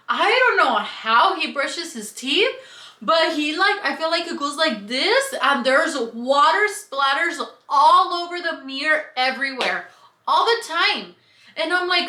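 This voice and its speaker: High bright young woman, lively chat. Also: unhurried. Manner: animated, venting, laughs often. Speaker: co-host of couple Q&A. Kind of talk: casual chat. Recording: echoey room.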